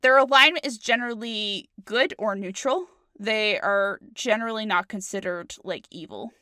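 A woman's voice: mid-range voice, moderate pace, bright, forceful tone, dry recording, clean studio sound. A young woman co-hosting a storytelling podcast, chatting playfully and giggling often. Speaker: podcast co-host. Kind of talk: casual chat.

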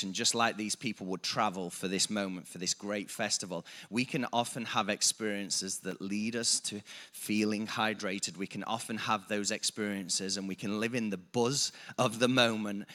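Bright-voiced preacher man. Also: lowish voice, fairly even intonation, normal speed. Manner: preaching with rising emphasis and self-corrections. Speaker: pastor. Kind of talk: sermon.

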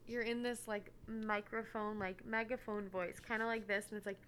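A woman's voice: mid-range voice, flat delivery, normal speed, heavy background noise. A woman co-hosting a podcast in casual chat, giggly and talkative, often filling her speech with "like". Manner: giggly, chatty, fills with "like". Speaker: podcast co-host.

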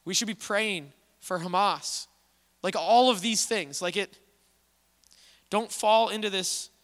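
A male pastor with a high, bright voice delivers a casual, conversational sermon, telling the story with lively energy. His words ring out with a long hall reverb behind them.

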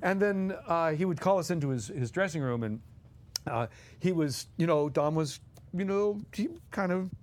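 A man's voice: a little high, animated, moderate pace. A man co-hosting as a guest, telling anecdotes animatedly and acting out quotes with laughs. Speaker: guest co-host.

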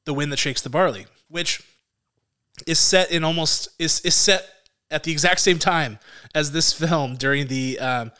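A man's voice: a little high, moderate pace, pushed and bright, smooth. A man co-hosting a movie review show in casual chat, upbeat and chatty, often laughing between phrases.

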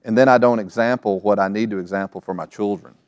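A man's voice: fairly low pitch, steady tone, fast, smooth, no echo. A middle-aged man preaching a sermon to his church, telling family stories and acting out the voices in them. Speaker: pastor. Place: church sanctuary.

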